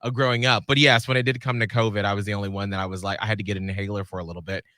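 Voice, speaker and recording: A man co-hosting a podcast, speaking in a relaxed, thoughtful way and humming along as he listens. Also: fairly low pitch, racing, dry recording, studio quality. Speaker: co-host. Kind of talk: casual podcast chat.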